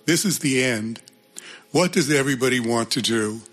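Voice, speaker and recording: A man's voice: medium pitch, normal speed, a bit bright, lightly acted. A man reading as an earnest boy leader. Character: boy leader of a group of kids, protective.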